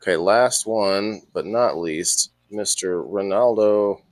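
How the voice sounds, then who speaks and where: A man's voice: lowish voice, slow pace, dry recording. A man hosting a casual livestream, talking in a laid-back, dryly teasing way. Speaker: livestream host. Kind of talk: casual chat.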